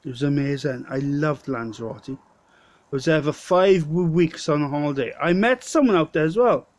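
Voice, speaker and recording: A man's voice: fairly high pitch, moderate pace, dry recording. A Welsh man with a stutter, telling a rambling holiday story to camera in a pub. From Wales. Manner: stuttering, rambling, self-correcting. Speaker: vlogger. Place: local pub.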